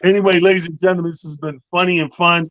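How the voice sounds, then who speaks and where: A man, a comedian hosting a casual comedic radio chat, loud, profane and animated. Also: sits high, fast talker, lo-fi sound, a little hiss or hum. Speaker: comedian and show host.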